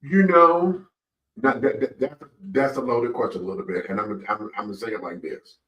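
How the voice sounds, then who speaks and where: A man's voice: mid-range voice, moderate pace, echoey room, recorded from a distance, dull audio. A man hosting a casual radio talk show, speaking emphatically and repeating himself. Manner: emphatic, repetitive, says "child" often.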